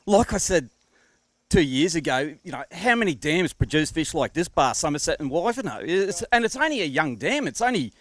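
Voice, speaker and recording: Enthusiastic Australian angler, fairly high voice. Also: male voice, sing-song, moderate pace, fairly bright tone. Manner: enthusiastic, gushing, lots of "mate". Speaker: runner-up angler. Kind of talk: casual interview. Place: outdoors at a lakeside weigh-in.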